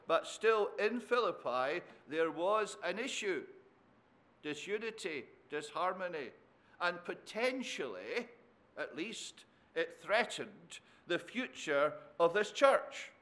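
A man's voice: high voice, lively intonation, slow, pushed and bright. A man preaching an expository sermon, often turning points into tag questions and adding dry humor.

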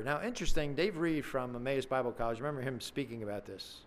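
A man's voice: mid-range voice, fast talker, slight background noise. A man preaching a sermon in a conversational, earnest way, acting out questions with dramatic emphasis.

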